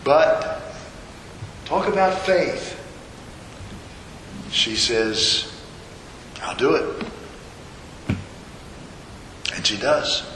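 A man delivers a sermon at a slow, measured pace, retelling a scripture story and circling back to rhetorical questions. His voice is bright and forward. It rings out with a long reverb, as in a large church hall, with a faint hum underneath. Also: mid-range voice, lively intonation. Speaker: preacher.

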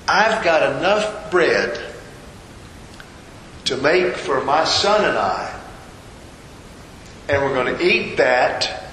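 A man's voice: on the high side, pushed and bright, reverberant, big-room sound, slight background noise, rough recording. A man preaching a sermon, retelling a scripture story and repeating rhetorical questions. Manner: storytelling, voices the figures' quoted lines, rhetorical questions.

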